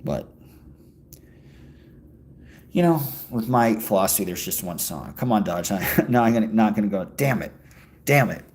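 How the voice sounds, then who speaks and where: Gravelly man chatting and joking crudely. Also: fairly low pitch, animated, moderate pace, pauses often, a little mellow. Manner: joking, crude, rambling replies to chat. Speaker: livestreamer reading chat. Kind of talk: casual chat. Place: walking outdoors in a city.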